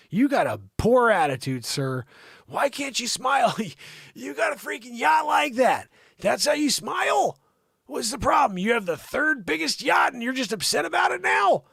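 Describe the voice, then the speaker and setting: A man hosting an improvised comedy news show, riffing sarcastically with sudden loud outbursts and low mutters in his studio. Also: dry recording. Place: home studio.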